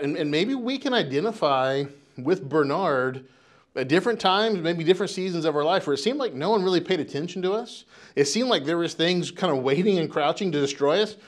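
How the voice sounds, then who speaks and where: A middle-aged American man preaching a sermon as pastor, talking in a loose, conversational way with lots of restarts and "right?" tags. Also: fairly high pitch. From United States.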